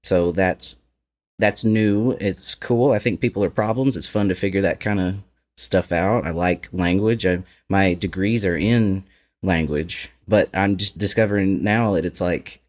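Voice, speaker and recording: A man's voice: low-pitched, unhurried. A man with an Appalachian accent, a podcast guest talking candidly and reflectively, often laughing. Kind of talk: casual podcast conversation.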